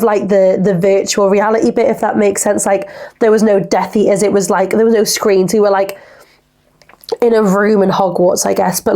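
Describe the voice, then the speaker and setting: Chatty young woman, gravelly voice. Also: mid-range voice, mellow. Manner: chatty, rambling, fills with "like". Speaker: podcast host. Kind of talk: casual solo podcast chat.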